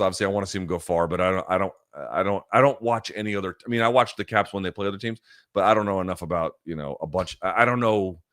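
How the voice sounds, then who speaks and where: A man's voice: fairly low pitch, fairly bright tone, no room sound, clean studio sound. A man hosting a live chat stream, answering viewer questions in heated, profane rants full of fillers and restarts. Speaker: live chat show host.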